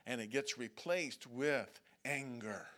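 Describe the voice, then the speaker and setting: A man's voice: medium pitch, slow pace, fairly bright tone. A male pastor preaching a sermon in a church, talking conversationally, often checking in with "okay?" and acting out prayers and whining voices. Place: church sanctuary.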